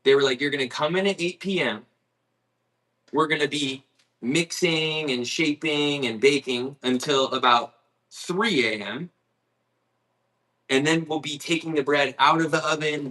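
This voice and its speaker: A bright, forward-sounding man tells a story from his baking job in a loose livestream chat. He rambles candidly, with plenty of fillers and laughs and a swear word here and there. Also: fairly high pitch, measured pace. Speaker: baker and video host.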